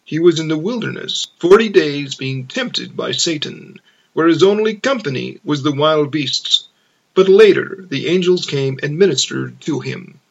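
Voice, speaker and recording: A man narrates scripture in a slow, measured reading. His voice is a little high and has a gravelly texture. It is heard on a dull, lo-fi recording. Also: animated. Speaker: scripture reader.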